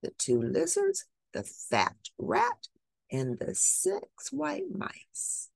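A woman reading a picture book aloud, expressive and animated. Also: high voice, very slow, creaky, no echo. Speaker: storybook reader.

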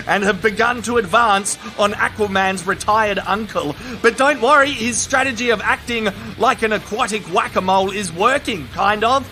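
A high, bright-voiced Australian man doing comic voice-over commentary, crude and excitable, tossing out slang and swearing as he goes. Music plays faintly behind him. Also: moderate pace. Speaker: comedic video commentator. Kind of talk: comedic voice-over commentary on viral clips.

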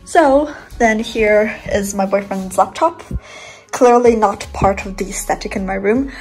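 Young woman vlogger, rambling room tour on a phone cam in a bedroom, soft music behind her. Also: medium pitch, a little slow, poor audio. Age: 20s. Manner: chatty, rambling, giggly. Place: bedroom, indoors.

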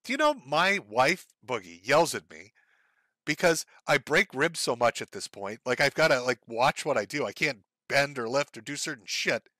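Profane, sarcastic male streamer with a bright voice. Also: fairly high pitch, dry recording. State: sore, says his throat gives out. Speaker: live stream host. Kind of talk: ranting live stream commentary.

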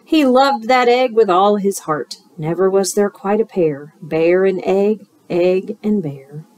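A woman teacher reading a picture book aloud, expressive and rhythmic, adding asides to children. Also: medium pitch, slow pace. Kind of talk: storytime read-aloud.

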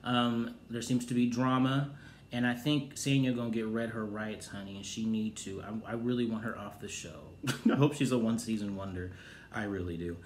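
Sassy guy ranting about a reality show, cussing, booming outbursts, echoey room. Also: a little hiss or hum. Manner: sassy, profane, with loud exclaimed outbursts. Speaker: TV recap host. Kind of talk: casual review commentary.

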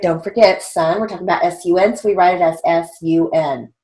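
A woman teaching a stenography lesson, dictating short phrases slowly and spelling out letters, checking in with an occasional "okay?". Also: fairly low pitch. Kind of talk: slow, deliberate dictation lesson.

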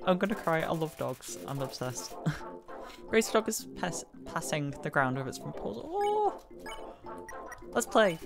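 A woman narrating her gameplay in a lowish voice that swoops up and down with delight. She reads the on-screen text aloud and gushes playfully, with game music running in the background. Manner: gushing and playful, squeals over dogs. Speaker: let's play gamer.

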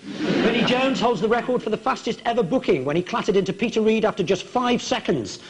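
Wry, high-voiced male quiz host. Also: a little fast, background noise. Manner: wry, deadpan delivery of jokes. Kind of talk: dry comic quiz hosting. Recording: TV studio with loud audience laughter. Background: studio audience laughing.

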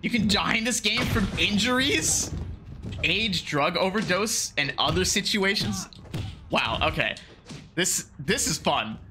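A gaming video creator doing let's play commentary, excitable, laughing a lot and yelling and swearing at the game. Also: medium pitch, measured pace, noisy background. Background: game music.

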